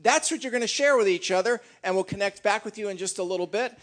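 A man's voice: high-pitched, fast, fairly bright tone. A middle-aged man leading a church gathering, joking and teasing his congregation in a casual, chatty way.

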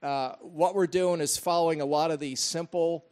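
A man's voice: fairly high pitch, steady tone, normal speed, darkish tone. A man pastor addressing his congregation in a friendly, conversational way. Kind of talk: sermon introduction. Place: church hall.

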